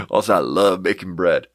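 Laid-back guy rambling on a podcast, lowish voice, dry close sound, laughs a lot, swears. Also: dry recording. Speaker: podcast host. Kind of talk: casual rambling chat.

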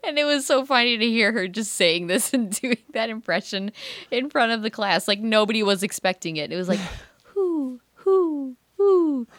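A woman co-hosting a casual chat, telling a story with lots of laughter and animated imitations. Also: mid-range voice, brisk, dry recording, clean studio sound. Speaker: podcast co-host.

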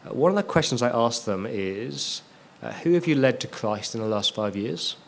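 A man's voice: mid-range voice, expressive, moderate pace, vocal fry, a little hiss or hum. A man preaching a sermon as a pastor, stressing key words and repeating them for emphasis.

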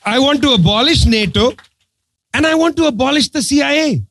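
A man's voice: extremely high pitch, brisk, noisy background. A man giving an impassioned political talk to an audience, sarcastic and emphatic, driving his points home through repetition. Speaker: political speaker addressing an audience.

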